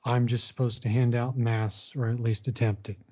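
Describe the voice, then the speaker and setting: A man's voice: medium pitch, flat delivery, normal speed, mellow. A man telling a personal story in casual talk, frank and blunt, swearing freely. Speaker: storyteller recounting his retail job. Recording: dull lo-fi recording.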